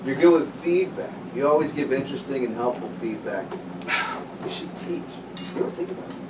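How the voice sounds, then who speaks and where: A man's voice: medium pitch, animated, brisk, natural voice. A man playing an encouraging, persuasive boss in an improv scene, recorded from a distance in a noisy, echoey room. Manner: upbeat, persuasive.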